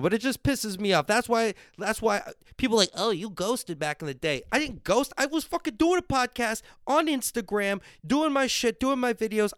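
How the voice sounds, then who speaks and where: Livestreaming a podcast from home, a man with an extremely high, fairly bright voice rants and swears constantly. He drinks on air and reacts to viewer comments as he reads them. His tone is clear and resonant, and the recording is studio quality with no room sound.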